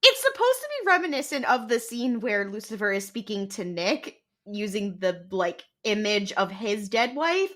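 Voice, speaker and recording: A woman co-hosting a podcast in casual chat, giggling and excitable, tossing in teasing asides. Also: medium pitch, moderate pace. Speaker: podcast co-host.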